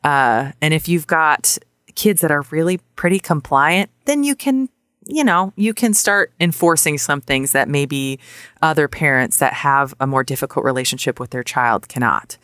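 A woman's voice: sits low, moderate pace, a bit bright, no echo, clean studio sound. A woman psychologist, a guest on a podcast, explaining parenting at length with many fillers and restarts. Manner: explanatory, full of fillers and self-corrections. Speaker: child psychologist and book author. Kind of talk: podcast interview answer.

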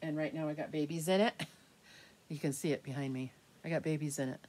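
Low-voiced woman chatting to camera. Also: fairly even intonation, fast talker. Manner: rambling, candid, with soft laughs. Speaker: reborn doll collector vlogger. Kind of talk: casual chat to camera.

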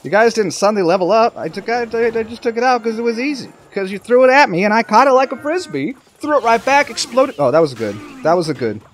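A man giving excitable live commentary over his own gameplay, talking to the game and to his viewers. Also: high voice, fast talker, few pauses, slight background noise. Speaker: gaming commentator.

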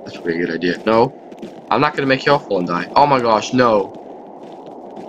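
A man narrating his game as he plays, chatty and self-mocking, laughing at his own mistakes. His pitch sits in an ordinary middle range. Faint rain noise hisses softly behind him. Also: animated, moderate pace, long pauses, low-quality recording. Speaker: gaming YouTuber. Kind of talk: casual let's-play commentary.

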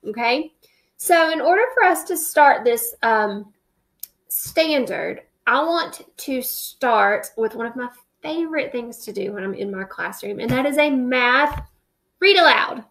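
A woman's voice: fairly high pitch, creaky, fairly bright tone. A woman teacher introducing a math lesson and reading a picture book aloud, checking in often with "okay?". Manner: friendly, checks in with repeated "okay?".

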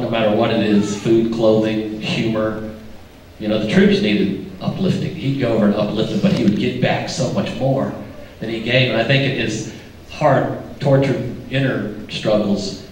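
A man's voice: lowish voice, darkish tone. Older male pastor, folksy and joking, questions the pews, heavy church echo, mic well off, faint room hum. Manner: folksy, joking, quizzes the congregation. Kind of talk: sermon. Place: church sanctuary. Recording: echoey church from a distance.

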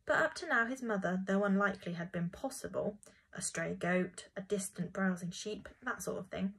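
A woman narrating a children's storybook in a gentle, expressive reading voice. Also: medium pitch, moderate pace, vocal fry, slightly rough, low-quality recording.

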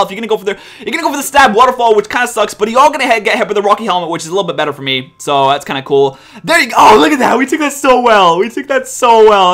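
A man's voice: sits high, fairly bright tone. A young man giving live commentary over his own competitive game, exasperated and self-mocking, often talking straight to his opponent. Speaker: gaming commentator.

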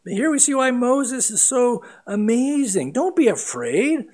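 A middle-aged pastor preaches earnestly and emphatically, his volume swinging widely between loud and quiet. His voice is very high-pitched and sing-song, and he speaks a little slowly.

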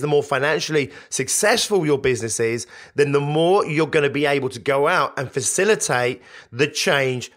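A man's voice: a little high, fairly bright tone. A man hosting a solo business podcast, coaching listeners in an emphatic, repetitive way. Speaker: podcast host.

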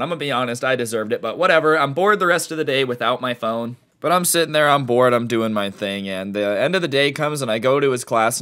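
A man's voice: mid-range voice, bright, forceful tone. A young man casually telling a storytime tale, chatty and sarcastic, acting out the people he quotes. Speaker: storytime YouTuber.

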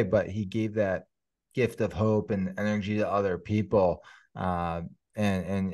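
A man's voice: fairly low pitch, a little mellow, dry recording. A man hosting an interview, asking reflective questions with frequent fillers. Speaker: podcast host.

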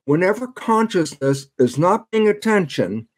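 A man's voice: sits high, sing-song, a little slow. An older man, a podcast guest, giving an emphatic lecture-style explanation and acting out imagined back-and-forth dialogues.

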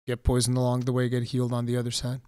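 A man giving casual gameplay commentary as a let's play host, easily frustrated and quick to angry outbursts. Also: mid-range voice, completely flat delivery, a little mellow, slight background noise.

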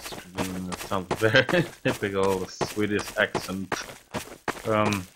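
A man's voice: deep voice, slow, noisy background. A man giving casual, swearing commentary while playing a multiplayer war game. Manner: swears often, mutters reactions. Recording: game gunfire loud behind voice.

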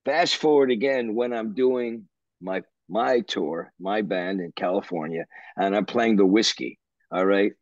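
An older man from Canada, an interview guest telling anecdotes in an animated, rambling way. He restarts his sentences and swears. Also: on the low side, unhurried, no echo, dull audio. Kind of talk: anecdotal storytelling.

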